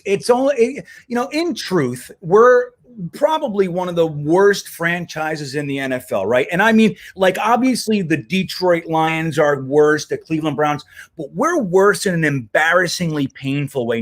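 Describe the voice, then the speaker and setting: A man's voice: high-pitched, lively intonation, normal speed. A man hosting a casual livestream, talking loosely and rambling, swearing now and then. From United States. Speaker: host.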